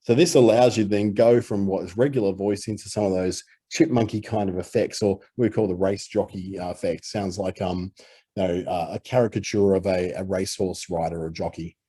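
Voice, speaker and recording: Man, Australian accent, software tutorial, dark tone, husky, casual fillers. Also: low voice, a little fast. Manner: relaxed explanatory talk with fillers. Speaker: audio editing instructor. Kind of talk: screen-recorded software tutorial.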